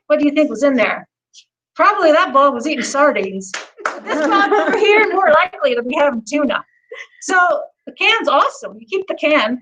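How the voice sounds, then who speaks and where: A woman with a high voice teaches oil painting on a livestream, putting on a Southern US drawl. She talks softly and folksily, gently joking as she explains each step. The recording carries a clear hiss of background noise. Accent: put-on Southern US. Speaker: painting instructor. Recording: noisy livestream audio.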